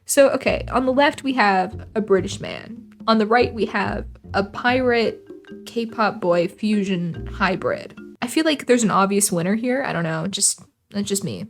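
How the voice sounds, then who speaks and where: A woman's voice: mid-range voice, creaky, faint music behind. A young woman reading a visual novel aloud and adding sarcastic, chatty jokes between lines. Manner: sarcastic, chatty, quick asides. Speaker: gaming channel host.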